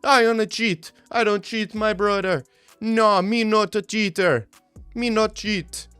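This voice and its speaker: A man's voice: steady tone, unhurried, a bit bright, clear, resonant tone, dry recording, soft background music. A man doing a whiny fighter in mock Jamaican. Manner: high, pleading, mocking. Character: whiny male fighter insisting he did nothing wrong.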